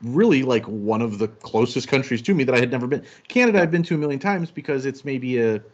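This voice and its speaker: A man co-hosting a casual chat show, telling travel stories in an animated, self-deprecating way. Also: mid-range voice, fast talker, dull audio. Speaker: podcast co-host.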